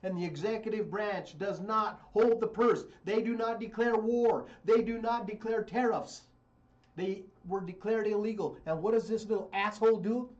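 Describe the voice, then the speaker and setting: A man's voice: high-pitched, moderate pace, darkish tone, dull audio. A man talking politics on a radio show, blunt, heated and mocking.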